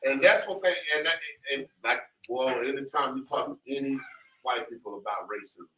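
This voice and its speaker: A man's voice: mid-range voice, lively intonation, moderate pace, pushed and bright, recorded from a distance, slight background noise. Guy chiming in from across the room, echoey, kinda rambling. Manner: loose, chatty, rambling. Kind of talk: casual commentary in a Bible class.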